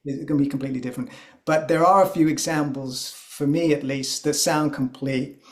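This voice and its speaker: A man in a casual music discussion, talking in a thoughtful, explanatory way with many pauses and fillers. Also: a little high, fairly even intonation.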